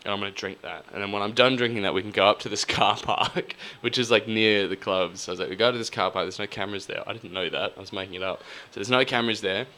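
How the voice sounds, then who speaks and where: Young Aussie guy, bright forceful voice, sweary animated storyteller, podcast co-host. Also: fairly low pitch, fast, few pauses. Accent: Australian. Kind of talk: casual chat.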